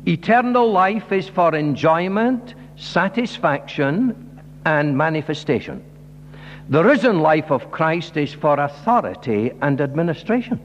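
A man with a high voice preaches with earnest emphasis and keeps pressing his listeners with direct questions. His voice rings out across a large hall with a long echo. The recording is dull and muffled, with a faint hum underneath. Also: very animated, a little slow. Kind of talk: sermon.

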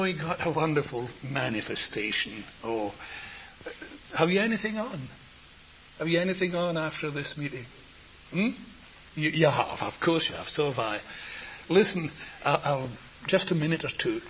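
A man preaches to a meeting, wandering from thought to thought in a conversational way before pushing into emphatic bursts. His voice sits a little high. The recording is dull and lo-fi, with a faint hiss underneath. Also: animated, moderate pace, long pauses, a bit bright. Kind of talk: sermon. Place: meeting hall. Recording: dull hissy lo-fi tape.

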